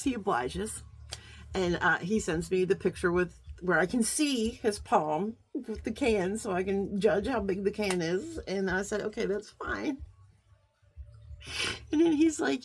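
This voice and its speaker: A woman's voice: medium pitch, animated, measured pace, pauses often, breathy edge. A middle-aged woman vlogging in a casual, heartfelt chat to her viewers, rambling with lots of fillers and restarts and getting slightly emotional. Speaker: beauty vlogger.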